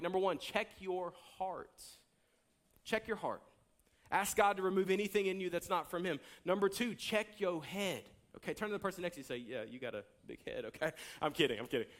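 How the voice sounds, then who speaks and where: A pastor, preaching a sermon with an emphatic, repetitive cadence that rises to near-shouts. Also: male voice, high-pitched, very fast, few pauses.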